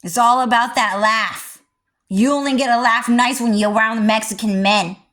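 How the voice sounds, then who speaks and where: A woman vlogger ranting in a rambling, heavily profane way, jumping from loud outbursts to low mutters. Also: steady tone, normal speed. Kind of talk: rambling livestream rant.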